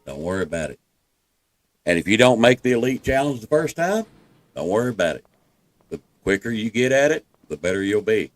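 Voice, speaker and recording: A man's voice: on the low side, sing-song, brisk. A man with a Southern US accent giving a folksy, reassuring walkthrough commentary over gameplay, talking viewers through each step. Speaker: gameplay guide.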